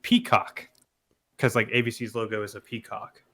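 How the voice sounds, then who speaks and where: A man's voice: fairly low pitch, level tone, fast talker, bright, forceful tone. A young man, co-hosting a podcast with dry joking asides. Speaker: podcast co-host. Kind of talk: casual chat.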